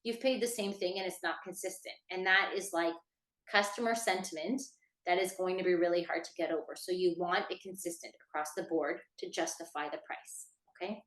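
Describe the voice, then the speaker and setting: A woman's voice: fairly low pitch, fairly even intonation, brisk, fairly bright tone, roomy sound. A woman teaching a business workshop in a casual, chatty lecture style, with lots of fillers, talking straight to her listeners. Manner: chatty, many fillers, addresses listeners directly. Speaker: workshop instructor.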